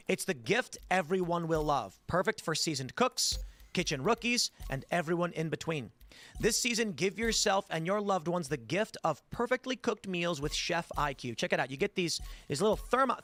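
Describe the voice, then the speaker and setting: Male host, slightly higher voice, loose rambling storyteller who restarts his sentences. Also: a bit bright, no room sound. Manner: rambling, conversational, frequent restarts. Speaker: podcast host. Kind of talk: casual political commentary and storytelling.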